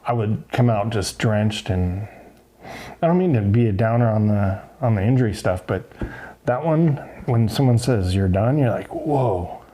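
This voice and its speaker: There's a slight hiss or hum behind this middle-aged man's lowish, moderately paced voice. Once a motocross racer, he's the interview guest, spinning casual anecdotes with animation and dramatizing what others said.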